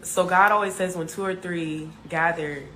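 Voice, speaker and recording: A woman's voice: fairly low pitch, fairly even intonation, sharp tone. A young woman from Richmond, California, talking casually about her life and music, with lots of filler words and restarts. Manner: halting, heavy on filler words. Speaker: musician sharing her story. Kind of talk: casual confessional talk. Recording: roomy echo with background noise.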